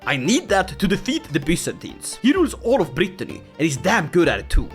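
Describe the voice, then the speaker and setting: Wildly animated man playing a strategy game. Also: a little high, fairly quick. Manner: excitable, joking, often laughing. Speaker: gaming YouTuber. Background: faint music.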